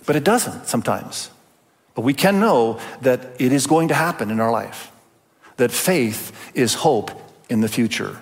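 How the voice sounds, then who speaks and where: A man's voice: mid-range voice, lively intonation, a little slow, gravelly. An older man preaching a sermon as pastor, earnest and emphatic, with rhetorical questions. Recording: long hall reverb.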